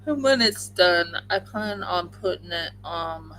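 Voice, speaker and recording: A woman's voice: lowish voice, animated, takes it slowly, fairly bright tone, a little hiss or hum, poor audio. A woman hosting a crafting livestream, chatting casually and rambling with many fillers while she crochets at home.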